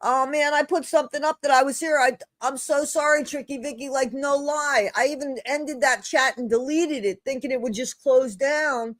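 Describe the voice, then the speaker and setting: A woman's voice: high-pitched, normal speed, hardly any pauses, no echo. Chatty woman hosting a livestream, dry sound. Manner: chatty, talks to her live chat; apologetic. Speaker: livestream host. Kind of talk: casual livestream chat and reading aloud. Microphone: streaming setup mic.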